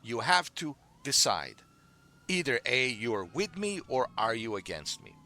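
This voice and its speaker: A man's voice: medium pitch, big pitch swings, a little slow, pushed and bright. A man streaming, giving a scolding, repetitive rant at a viewer he keeps calling dude. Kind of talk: ranting monologue to a viewer.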